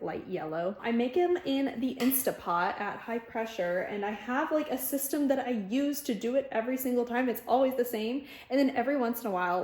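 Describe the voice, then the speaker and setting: A young woman vlogging casually from her home kitchen, talking into a handheld phone camera in quick, chatty bursts full of "oh my God". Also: mid-range voice, a little mellow. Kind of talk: casual vlog chat.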